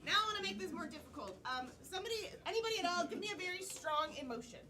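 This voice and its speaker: A woman hosting a live improv comedy show, briskly taking suggestions from the audience. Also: very high voice, expressive. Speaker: improv host. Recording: live stage with loud audience.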